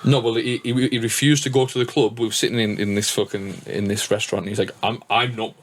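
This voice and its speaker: A northern English man hosts a podcast in a fairly low voice. He tells rambling, sweary stories full of restarts. Faint noise sits in the background. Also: fairly even intonation, fast talker. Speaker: podcast host and DJ. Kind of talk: casual podcast chat.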